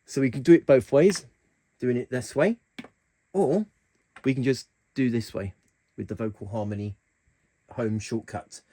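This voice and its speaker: Guy showing off keyboard features, chatty and a bit hesitant, mellow tone. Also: mid-range voice, a little slow, pauses often. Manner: chatty, hesitant with fillers and restarts. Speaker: keyboard tutorial host. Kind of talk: casual tutorial walkthrough.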